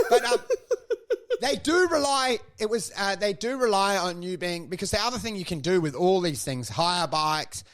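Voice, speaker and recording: Aussie comedian guy, really high voice, rambly, does little voices in his stories. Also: lively intonation, normal speed, a bit bright. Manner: rambling, acts out voices in quoted bits, laughs often. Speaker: podcast co-host, stand-up comedian. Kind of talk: casual chat, comic storytelling.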